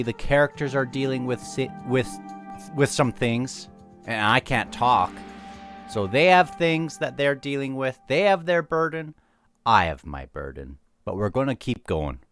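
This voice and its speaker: Hosting a casual chapter discussion of a novel, a man with a medium-pitched, fairly bright voice talks in a chatty, rambling way, often restarting his sentences.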